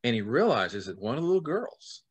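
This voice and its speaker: Male author guest, middle-aged, animated yarn-spinner, dry close recording. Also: mid-range voice, a little fast, breathy edge, no room sound. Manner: lively, acts out scenes with sudden loud and soft swings. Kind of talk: animated storytelling in conversation.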